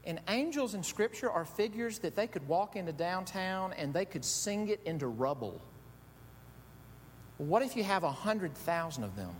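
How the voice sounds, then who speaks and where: A middle-aged man preaching a sermon, telling stories with animated delivery that swings from quiet asides to loud shouts. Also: moderate pace. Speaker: pastor. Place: church sanctuary. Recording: echoey hall with faint rumble.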